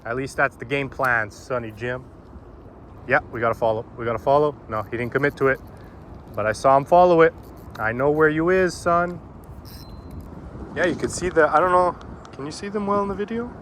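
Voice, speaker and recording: A man's voice: mid-range voice, a little fast, a bit bright, slight background noise. A man talking casually to his viewers while fishing outdoors on a river bank. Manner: chatty and informal, addressing viewers as "boys". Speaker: fishing vlogger. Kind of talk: casual vlog commentary.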